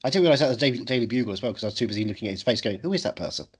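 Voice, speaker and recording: A man's voice: medium pitch, very fast, husky. A man hosting a podcast, chatting casually with jokey, teasing banter. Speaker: podcast host. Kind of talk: casual comedic chat.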